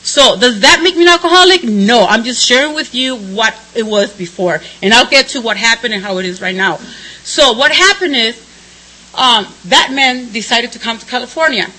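A woman's voice: on the high side, normal speed, sharp tone, low-quality recording. A middle-aged woman giving a blunt, candid personal testimony at a recovery meeting. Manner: candid and blunt, swinging between somber and laughing. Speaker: speaker sharing her recovery story.

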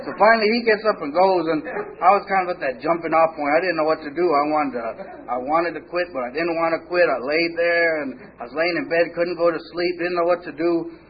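Higher-voiced man telling his story. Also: a little fast. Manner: rambling, humorous, acts out quoted dialogue. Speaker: speaker sharing a recovery story. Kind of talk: storytelling testimony. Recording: muffled lo-fi recording with faint hiss.

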